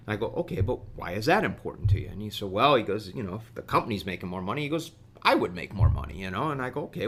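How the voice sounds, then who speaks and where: A middle-aged man telling a story as a podcast guest, halting and full of fillers and restarts. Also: fairly low pitch, a bit bright. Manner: halting, many fillers and repeated words. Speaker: guest executive.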